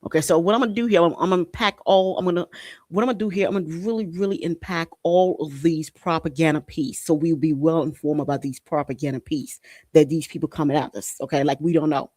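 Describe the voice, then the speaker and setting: Man, podcast host, heated monologue, repeats himself, curses, fairly high voice, dry close sound. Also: fairly even intonation, fast, darkish tone, no room sound. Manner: fiery and repetitive, swearing, drilling points home. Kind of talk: impassioned political commentary monologue.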